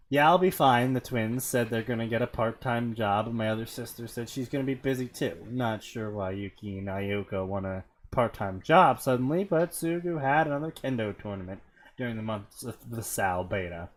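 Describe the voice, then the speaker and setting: A man hosting a comedy show, reading fanfiction aloud and breaking off to mock it in disbelief. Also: mid-range voice. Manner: incredulous, mocking asides. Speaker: host.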